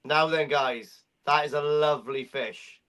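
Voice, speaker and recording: Brief man, slightly high voice, jokey live auction host, casual banter. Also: steady tone, measured pace, a bit bright. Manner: jokey, chatty, swears casually.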